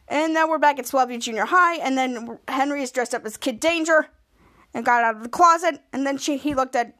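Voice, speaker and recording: A woman's voice: sits high, pushed and bright. A woman podcast host casually recapping a TV episode, retelling each scene and raising her voice for the quoted lines.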